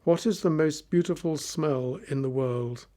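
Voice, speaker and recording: A man's voice: a little high, a little slow, warm tone, lightly acted. A man reading a clever young bride. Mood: firm. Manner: firm, questioning.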